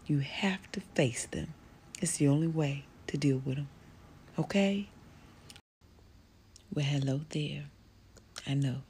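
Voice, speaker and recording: A middle-aged woman giving a slow, gentle, affectionate motivational talk to the listener. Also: low-pitched, vocal fry, slightly rough. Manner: slow, soft, affectionate, drawling speech with many endearments. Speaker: motivational speaker. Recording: faint background noise.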